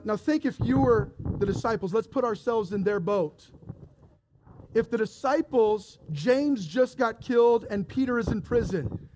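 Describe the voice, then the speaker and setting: A man preaching a sermon, retelling a story with lively acted-out voices and frequent restarts. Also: high-pitched, a little hiss or hum. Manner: animated storytelling, acting out characters, repeated restarts. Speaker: pastor.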